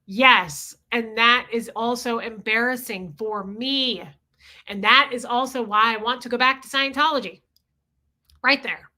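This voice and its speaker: A woman in her forties hosts a livestream at a measured pace, her fairly high voice pushed and bright. She talks candidly and confessionally, swearing casually as she reads chat and greets viewers.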